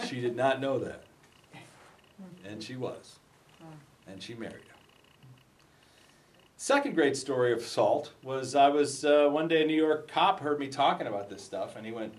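A man giving a talk, telling stories with lively acted-out dialogue. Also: a little slow, pauses often, recorded from a distance, a little hiss or hum. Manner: lively storytelling, acting out dialogue with raised pitch. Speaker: speaker at a talk. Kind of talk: storytelling talk.

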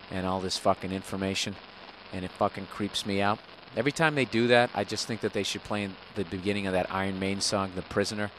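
A man's voice: fairly low pitch, background noise. A man hosting a podcast, ranting in a rambling, profane, sarcastic way from a hotel room on a single microphone. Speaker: podcast host. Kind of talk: rambling comedic podcast rant. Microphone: single microphone, no headphones.

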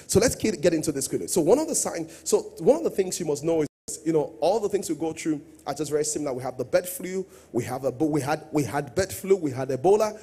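A man's voice: fairly high pitch, dark tone, breathy edge. A middle-aged man, a pastor, preaching a sermon earnestly, quoting scripture and asking his listeners questions.

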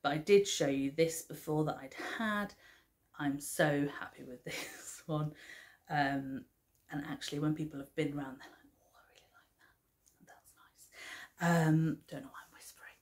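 A woman chatting casually in a craft vlog, showing her handmade toys with fond, rambling remarks and soft laughs. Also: sits low. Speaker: craft vlogger. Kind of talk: casual show-and-tell chat.

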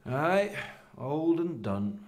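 An actor with a Scottish accent playing a gruff, swearing old man at the doctor's. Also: a little high, sing-song, very slow, full character voice. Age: older. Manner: gruff, swears a lot, mocking.

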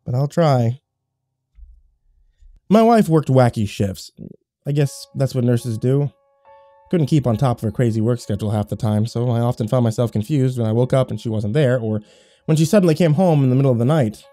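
A man's voice: mid-range voice, a little fast, warm tone, no room sound, soft background music. A man giving scripted horror story narration in a wry, sarcastic first-person tone.

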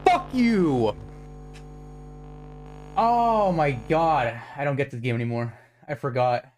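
A young man streaming a horror game, excitable and swearing, yelping and shouting whenever he gets startled. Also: medium pitch, takes it slowly, over music. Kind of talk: live gameplay commentary.

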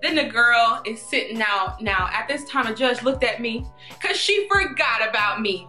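A woman vlogger telling a story in an animated, chatty way, laughing often. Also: fairly high pitch, normal speed. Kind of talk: storytime vlog. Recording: echoey room, faint music.

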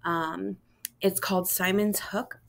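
A woman, a school counselor, reading a children's picture book aloud to students in a gentle, storytelling way. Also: mid-range voice, fairly even intonation, slow, creaky.

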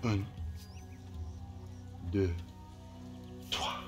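A smug yoga teacher with a fake French accent. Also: male voice. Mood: instructive. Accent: put-on French. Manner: slow, breathy, theatrical instruction. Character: pretentious male yoga instructor, smug and dramatic. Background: game music.

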